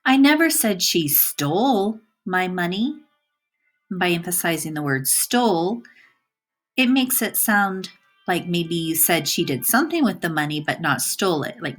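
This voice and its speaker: A woman teacher narrating a recorded slide lesson, speaking clearly and deliberately, stressing single words for emphasis. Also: fairly low pitch, lively intonation, fairly bright tone, faint music behind.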